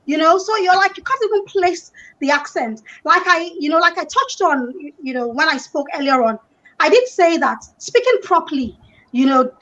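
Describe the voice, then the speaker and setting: A woman from Nigeria with a Nigerian accent, a panel guest who explains her views in a measured way, often saying "you know". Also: extremely high pitch, lively intonation, a bit bright, muffled recording. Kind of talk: online panel discussion.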